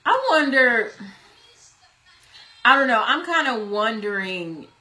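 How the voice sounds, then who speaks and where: A woman's voice: a little high, animated, slow pace, sharp tone. A woman co-hosting a casual late-night chat, opinionated and profane, who wanders off topic and then says she digresses. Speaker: podcast co-host.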